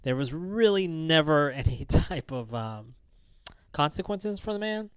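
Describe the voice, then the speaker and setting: A man's voice: on the high side, expressive, unhurried, clear, resonant tone, no room sound. A man co-hosting a podcast as a counselor, talking casually and rambling with many "like"s and "um"s. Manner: rambling, lots of "like" and "um".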